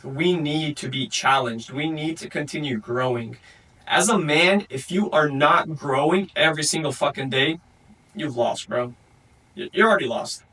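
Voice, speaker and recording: A man's voice: fairly high pitch, moderate pace, pushed and bright, distant mic, poor audio. A young man hosting a podcast and giving a blunt solo motivational talk, swearing constantly and calling the listener bro. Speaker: podcast host.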